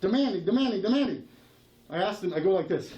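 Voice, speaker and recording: A man's voice: high-pitched, animated, quick pace, mellow, muffled recording. A man in a heated face-to-face argument, insistent and profane, repeating himself and talking over others. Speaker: channel owner confronting a sheriff.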